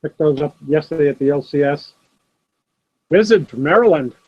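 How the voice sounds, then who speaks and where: Hosting a live sports card stream from his home desk, a middle-aged man talks at a moderate pace in a fairly high voice with lively intonation and no echo. He answers viewers by name in a casual way, recorded on his laptop's built-in camera mic, which sounds dull and dry.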